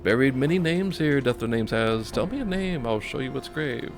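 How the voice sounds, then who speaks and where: A man's voice: mid-range voice, lively intonation, moderate pace, over music, voice pushed up, close to an everyday voice. A man voicing an eerie dustman who chants short phrases in a curious sing-song voice. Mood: eager. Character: eerie male dustman who tolls names like a bell.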